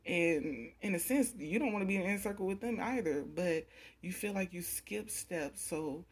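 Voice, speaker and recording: A woman's voice: lowish voice, expressive, moderate pace, slightly rough. A young woman doing a casual pick-a-card tarot reading, talking bluntly and with a lot of cursing straight to the viewer. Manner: blunt, profane, repetitive, talks straight to the viewer.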